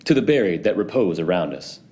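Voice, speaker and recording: A man reading an audiobook, voicing a drunken, vain male wine connoisseur who talks in an excitable, boastful way. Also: low voice, fairly quick. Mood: toasting.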